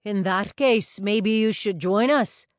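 A woman voicing a big, boisterous Irish man who is always the loudest in the room, with an Irish accent. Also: sits high, slow pace, dry recording, clean studio sound, pitched above the performer's own voice. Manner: loud, boisterous.

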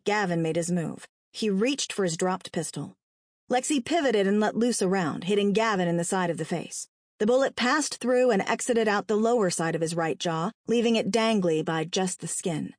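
A woman reading a dark story aloud with a dramatic, expressive delivery. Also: medium pitch, normal speed, no room sound, studio quality. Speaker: narrator.

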